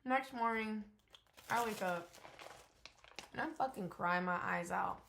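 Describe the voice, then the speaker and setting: A young woman shares a loose, unscripted vlog update in a voice of ordinary middle pitch. She talks candidly and meanders, filling gaps with "um" and "like" and letting a swear word slip now and then. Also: measured pace, creaky, pauses often, fairly bright tone, slight background noise. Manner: candid, rambling, frequent fillers and swearing. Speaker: vlogger.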